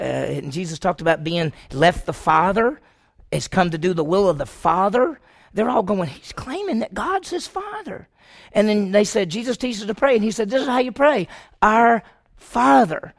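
A man's voice: sits high, no echo, studio quality. A middle-aged male pastor preaching a sermon, asking his congregation questions and answering them himself, acting out quoted voices.

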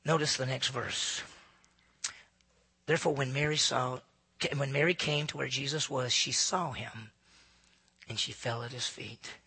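A male pastor preaching a sermon, dramatic, swinging between loud emphasis and hushed near-whispers. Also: mid-range voice, fairly even intonation, a little slow, pauses often, husky. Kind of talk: sermon, Bible teaching.

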